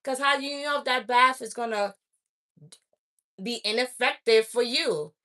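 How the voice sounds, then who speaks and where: A woman with a bright, somewhat high voice delivers a spiritual message to her viewers. She is blunt and preachy, admonishing them and driving her points home through repetition. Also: unhurried. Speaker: spiritual oracle reader. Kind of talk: direct-to-camera spiritual message.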